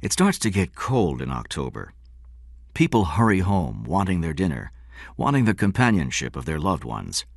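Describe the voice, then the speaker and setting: A man narrating an audiobook story in a measured, expressive way. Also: low voice, creaky, no echo, clean studio sound. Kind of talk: scripted narration.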